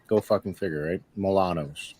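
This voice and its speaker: A man chatting as a panelist, laid-back, his phrases trailing off quietly. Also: deep voice, normal speed, slightly rough. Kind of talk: casual panel chat.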